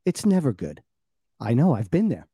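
Easygoing man in his sixties, mellow. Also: medium pitch, huge pitch swings, moderate pace, slightly rough, no room sound. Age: 60s. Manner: easygoing, agreeing, laughing along. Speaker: podcast host. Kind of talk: casual podcast chat.

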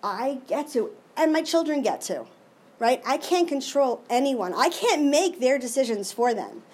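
A middle-aged woman tells her recovery story in a fairly high voice. She speaks with deep emotion and expression, often stopping to restart a sentence. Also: very animated, a little slow, darkish tone, slightly rough. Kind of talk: personal recovery share.

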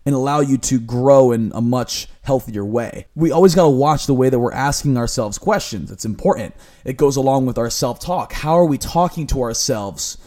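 Speaking in a medium-pitched, slightly mellow voice, a young adult lifestyle coach from Florida hosts his own podcast. His solo motivational talk is earnest and upbeat, like a coach cheering you on.

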